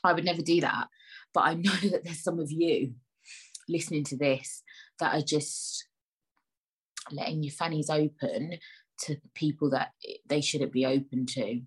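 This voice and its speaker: A woman's voice: low-pitched, steady tone, measured pace, pauses often, husky, rough recording. A woman hosting a solo podcast, rambling in a chatty, joking, self-mocking way. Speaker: podcast host.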